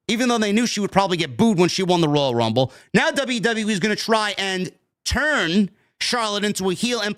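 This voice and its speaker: New york guy ranting hard about wrestling, high voice that swings all over, swears a lot. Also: a bit bright. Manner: heated, profane, repetitive ranting. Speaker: wrestling show reviewer. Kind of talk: ranting commentary.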